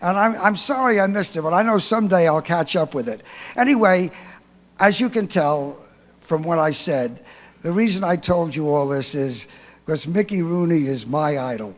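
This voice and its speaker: A man's voice: fairly high pitch, expressive, normal speed. A man giving an earnest, admiring speech from an auditorium stage. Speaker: speaker at a tribute. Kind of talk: speech, anecdote. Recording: reverberant auditorium.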